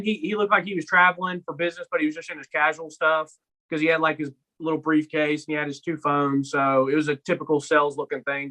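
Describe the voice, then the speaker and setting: A young man co-hosting a casual sports podcast, telling stories in an animated way and acting out his own lines. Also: on the high side, rough recording. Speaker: podcast co-host.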